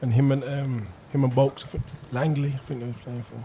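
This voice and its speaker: A man's voice: mid-range voice, flat delivery, a little fast, dark tone, a little hiss or hum. A man telling a story in a casual podcast chat, full of slang and laughter.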